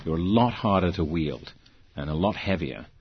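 A man, an actor, telling lively anecdotes as a guest in an interview. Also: sits low, normal speed, dull audio, a little hiss or hum. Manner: animated anecdotes, acting out quoted voices, frequent laughs. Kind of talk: storytelling in a conversational interview.

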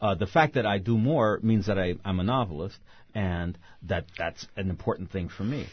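A man's voice: low voice, normal speed, slightly rough, lo-fi sound. A novelist being interviewed. He talks expressively and often restarts mid-phrase. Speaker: novelist guest. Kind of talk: interview conversation.

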